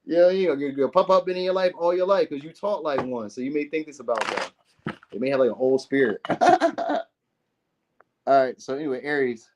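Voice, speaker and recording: A man's voice: a little high, moderate pace, long pauses, lo-fi sound, noisy background. A man giving a casual tarot reading to camera, chatty and slangy, swearing freely and acting out what people might say. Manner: loose and chatty, slangy, swears, acts out quoted lines. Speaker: tarot reader.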